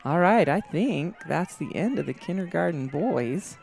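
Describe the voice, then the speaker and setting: A man giving live commentary on a school race from indoors, chatty and quick to laugh. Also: a little high, animated, vocal fry, a little mellow. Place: indoors, watching on a big screen.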